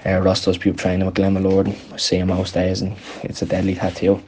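Deep, flat young man. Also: fairly quick. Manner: rambling, lots of ums. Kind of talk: casual storytelling chat.

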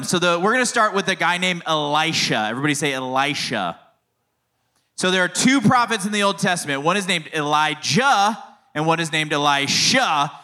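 Male pastor, 30s, casual storytelling sermon, slightly high, bright voice. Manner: storytelling, conversational, playful asides. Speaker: youth pastor.

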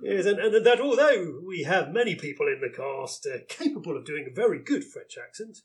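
A man's voice: high-pitched, big pitch swings. An actor playing a pompous, bumbling police inspector in a comedy sketch, stumbling over his words. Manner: halting, stumbling, laughing at himself. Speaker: comedy performer. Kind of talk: live comedy sketch reading.

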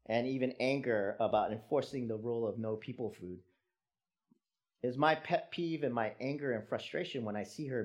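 A pastor giving a conversational, reflective sermon, often asking rhetorical questions and adding "right?" and "um". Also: medium pitch. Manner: frequent "right?" and "um" fillers.

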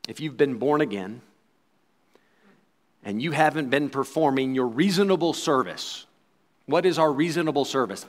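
A man preaching a sermon, quoting scripture and acting out voices, swinging between loud bursts and quiet asides. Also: fairly high pitch, moderate pace. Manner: acts out quoted voices and crowd replies.

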